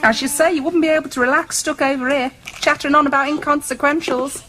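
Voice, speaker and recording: An actress playing a snobbish suburban housewife who is easily flustered, huffy in private and sweetly polite on the phone, in studio sitcom style. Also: female voice, high-pitched, steady tone, quick pace, sharp tone, rough recording. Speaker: sitcom character, hostess planning a dinner party. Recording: studio audience laughter, background noise.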